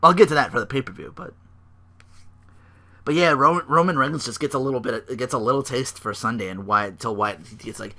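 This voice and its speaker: Alone on his podcast, a man rambles through a casual recap, swearing freely and acting out the people he describes. His mid-range voice is brisk, bright and forceful.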